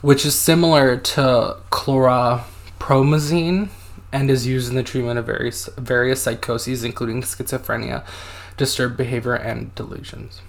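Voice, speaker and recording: Podcast co-host, a man who narrates a story in casual chat. He stumbles and restarts a lot and drops in "like" often. He reads quoted passages aloud in between, at a middling pitch. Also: steady tone, a little slow, creaky. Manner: hesitant, reads out quotes, many fillers.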